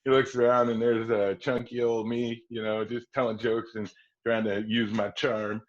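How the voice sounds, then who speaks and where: A man's voice: medium pitch, normal speed. A man in his forties from Wisconsin, guesting on a podcast and telling a long anecdote, acting out the voices of the people in it. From Kenosha, Wisconsin. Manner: lively raconteur who acts out quoted voices and laughs often. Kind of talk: anecdotal storytelling. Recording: dull lo-fi podcast audio.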